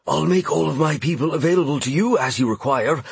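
A man putting on a breathy eager court official. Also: fairly high pitch, a little fast, no room sound, voice pushed up, full character voice. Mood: reassuring.

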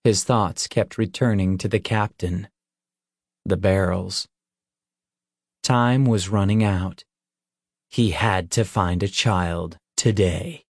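A man narrating an audiobook in measured, even storytelling. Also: low-pitched, no echo, clean studio sound.

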